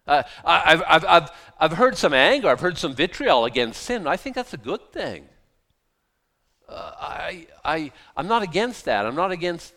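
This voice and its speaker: A pastor preaching a sermon with animated, emphatic delivery, often repeating and restarting phrases as he builds to forceful points. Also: on the high side.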